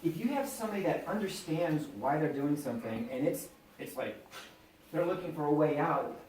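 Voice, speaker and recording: A middle-aged man giving an animated, chatty motivational talk to a live audience, acting out bits of dialogue. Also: on the high side, brisk, a little hiss or hum. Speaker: motivational speaker. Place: event hall with audience. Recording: echoey room, voice from a distance.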